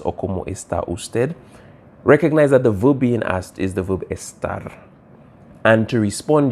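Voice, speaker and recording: Low-voiced man teaching a Spanish lesson. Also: warm tone. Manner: patient, repeats phrases and restarts, says "okay" and "all right". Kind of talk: recorded classroom lesson, writing on a board.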